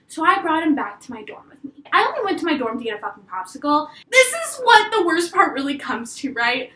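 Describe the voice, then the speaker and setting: A woman's voice: high voice, echoey room, poor audio. A young adult woman telling a story vlog-style into a webcam, swearing freely and acting out quotes. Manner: animated, profane storytelling with acted-out quotes. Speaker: vlogger.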